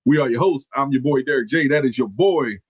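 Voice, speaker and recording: A man's voice: medium pitch, a little fast, slightly rough, no echo. Laid-back man on a slightly dull mic. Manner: laid-back, slangy, searching for names. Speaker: podcast co-host. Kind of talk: casual wrestling podcast chat.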